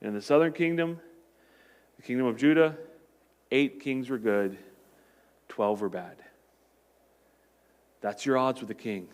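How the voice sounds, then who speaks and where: A man preaching a sermon as a pastor, telling the story with animated swings between loud emphasis and hushed asides. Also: mid-range voice, a little slow, long pauses, clear, resonant tone.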